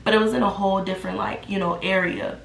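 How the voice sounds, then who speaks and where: A woman in her twenties telling a casual storytime, animated and acting out what people said. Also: medium pitch, quick pace, creaky, a little hiss or hum. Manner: animated, acts out the quotes. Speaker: vlogger. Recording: roomy echo.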